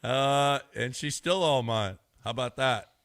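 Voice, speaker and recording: Bright-voiced man rambling on sports radio. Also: mid-range voice, unhurried, dry recording, clean studio sound. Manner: rambling, repeats himself, laughs easily. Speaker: radio show regular. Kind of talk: casual sports radio banter.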